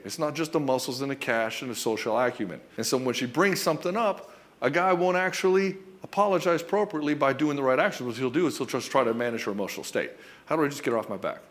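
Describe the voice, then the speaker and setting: A man coaching husbands in a blunt, profane way, often acting out quick back-and-forth exchanges between a husband and his wife. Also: medium pitch. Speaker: relationship coach. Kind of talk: direct-to-camera coaching talk.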